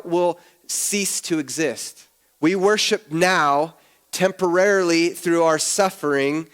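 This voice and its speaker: A man preaching an earnest sermon as pastor, often dropping low and quiet at the ends of his phrases.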